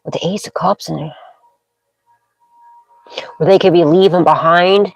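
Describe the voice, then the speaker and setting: A woman's voice: fairly low pitch, steady tone, unhurried, gravelly, a little mellow, faint music behind, poor audio. A woman doing a tarot card reading, rambling from card to card and checking in with "okay?" as she makes dramatic intuitive pronouncements. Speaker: tarot reader.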